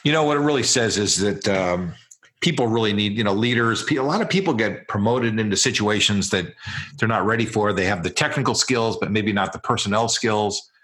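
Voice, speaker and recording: A man's voice: on the low side, brisk, fairly bright tone. A man hosting a talk, asking questions in a hesitant way and repeating words as he thinks. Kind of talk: casual interview questions.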